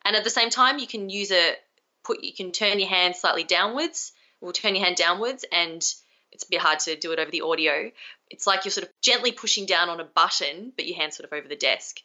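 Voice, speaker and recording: Young woman speaking coach, bright lively voice, acts out examples, muffled lo-fi call sound. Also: on the low side, brisk. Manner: energetic, demonstrative, acts out example phrases. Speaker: communication skills coach. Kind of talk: podcast interview over video call. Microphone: video call.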